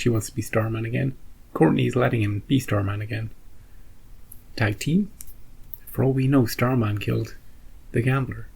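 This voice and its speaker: A man with a gravelly, husky voice talks through a show's story in a casual recap. His tone is wry and musing, and he keeps asking himself questions. His pitch sits in the middle range. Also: darkish tone, low-quality recording. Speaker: reaction channel host.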